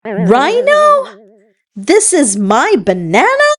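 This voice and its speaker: A woman voicing an upset little female monkey in a storybook read-aloud, wailing in a high, shrill voice. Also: huge pitch swings, drawn-out words, exaggerated voice. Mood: shocked.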